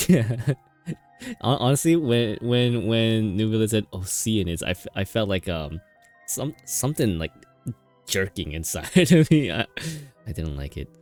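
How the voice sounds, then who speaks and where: Animated, giggly male game streamer. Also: fairly low pitch, measured pace, soft background music. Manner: playful, laughs often, animated. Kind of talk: casual live-stream commentary.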